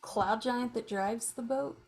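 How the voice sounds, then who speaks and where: A woman's voice: a little high, slow pace. A woman playing a tabletop game, speaking briefly and hesitantly at the table. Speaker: player. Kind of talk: casual tabletop table talk.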